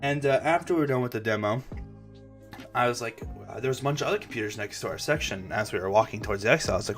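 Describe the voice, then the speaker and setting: Young male gaming host, loose casual chat, swears freely and repeats words when he restarts, mid-pitched voice, faint music underneath. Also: fast. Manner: rambling, profane, stammering restarts.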